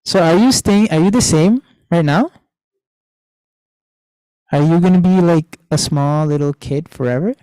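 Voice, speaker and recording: A man's voice: fairly high pitch, measured pace, pauses often, warm tone, no echo, low-quality recording. A young man teaching children an online class, telling a story and asking them questions, repeating the key lines. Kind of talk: storytelling lesson to kids.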